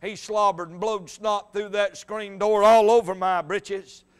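A high, ringing male voice drives a revival sermon with fervor. He climbs into shouts at his peaks and falls back into a steady storytelling voice. His tone stays smooth and resonant throughout. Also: unhurried. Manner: impassioned, rising to shouts, quotes old scripture. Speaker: evangelist.

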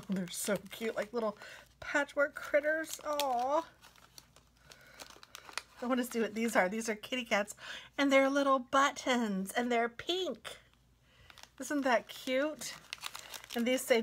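A woman craft vlogger chatting casually as she unboxes mail, gushing sweetly and sometimes dropping to a soft whisper. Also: a little high, moderate pace, a little hiss or hum.

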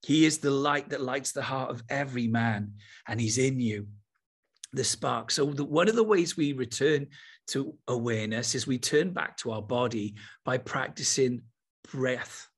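A man teaching with enthusiasm, then slowing to a soft, unhurried pace to lead a guided meditation. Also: medium pitch, husky. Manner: enthusiastic, then slow and soft when guiding. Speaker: spiritual teacher.

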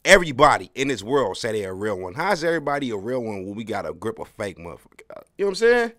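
A man's voice: fairly low pitch, sing-song, quick pace, pushed and bright, dry recording. A man hosting his own podcast, talking in a slangy, rambling solo monologue with wry, emphatic storytelling. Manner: slangy, rambling, keeps tagging "bro". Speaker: podcast host.

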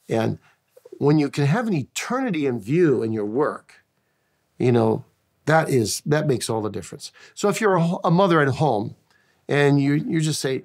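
A man's voice: mid-range voice, sing-song, moderate pace, long pauses. A man who is a pastor and interview guest, answering in an earnest preaching style with stories and frequent restarts.

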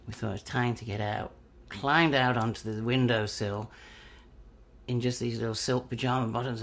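Gravelly-voiced English man telling a story. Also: medium pitch. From England. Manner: animated, acts out quoted voices. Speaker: interviewee. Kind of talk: anecdotal storytelling.

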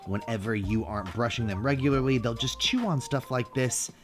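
A man's voice: fairly quick, music in the background. A man hosting a dog vlog, talking playfully and coaxing his huskies through tricks. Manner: playful, coaxing, breaking into high excited yelps. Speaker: dog owner and channel host. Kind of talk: casual vlog talk to his dogs.

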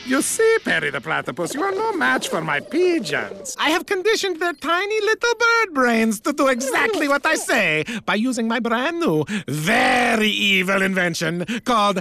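A whiny evil scientist, nasal and theatrical. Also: male voice, very high-pitched, big pitch swings, moderate pace, vocal fry, few pauses, full character voice. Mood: gloating. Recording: cartoon soundtrack with music behind.

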